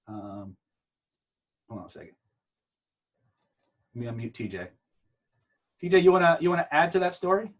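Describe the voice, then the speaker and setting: A man teaching communication skills in an animated storytelling way, restarting phrases often, over a video call. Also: fairly high pitch, moderate pace, long pauses, distant mic. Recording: dull lo-fi sound.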